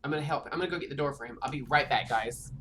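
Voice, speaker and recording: A woman with a low, deep voice talks casually while she streams a game at home. She rambles and chats on, often filling gaps with "like", and faint noise hangs under her voice. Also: very fast, a bit bright. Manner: chatty, rambling, full of "like" fillers. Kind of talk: casual chat while gaming.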